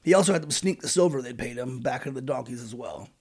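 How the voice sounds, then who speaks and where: A man's voice: medium pitch, lively intonation, quick pace, creaky, a little mellow, husky. A man hosting a podcast, narrating in an irreverent, sarcastic, profane comedic style. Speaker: podcast host.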